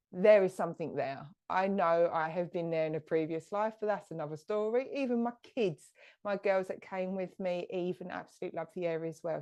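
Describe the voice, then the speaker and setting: A woman, a medium hosting a live stream, chatting brightly and greeting viewers by name. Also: on the low side.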